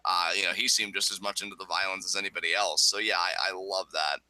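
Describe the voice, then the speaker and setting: A man's voice: low voice, steady tone, quick pace, bright, forceful tone, dry recording. A man co-hosting a casual wrestling review chat, talking with enthusiasm. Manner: enthusiastic, acts out quoted lines in bursts. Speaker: co-host reviewing wrestling episodes.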